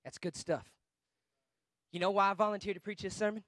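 A man preaching a guest sermon with emphasis, swinging between shouting and quiet asides. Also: sits high, steady tone, brisk, no room sound.

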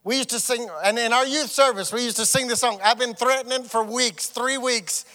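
A man's voice: very high-pitched, steady tone, moderate pace, sharp tone, in a large hall. A man preaching a sermon as pastor, leading a song and reading scripture to his congregation. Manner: leads congregation song, reads scripture aloud. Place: church sanctuary.

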